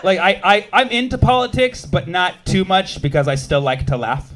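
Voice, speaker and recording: Guy in his 30s doing stand-up, highish voice, punchy, yells sometimes, talks to the crowd. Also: background noise. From United States. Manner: animated, punchy delivery with shouted bits and quick asides to the crowd. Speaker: stand-up comedian. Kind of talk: stand-up set with crowd work.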